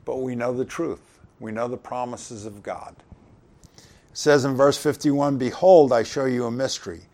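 A man's voice: mid-range voice, fairly even intonation, moderate pace, warm tone. Conversational male preacher. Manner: conversational, asks the congregation questions. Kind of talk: sermon.

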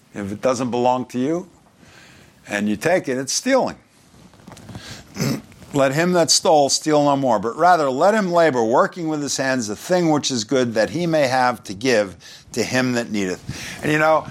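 Conversational New York preacher man. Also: mid-range voice. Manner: conversational, joking asides, reads scripture aloud. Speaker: pastor. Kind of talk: sermon.

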